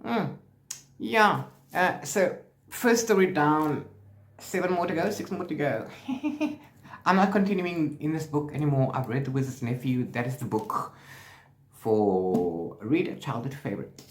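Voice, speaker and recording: A man's voice: fairly high pitch, unhurried. Man, book vlogger, casual chat, restarts and corrections, echoey room. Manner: chatty, restarts and self-corrects often. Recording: roomy echo.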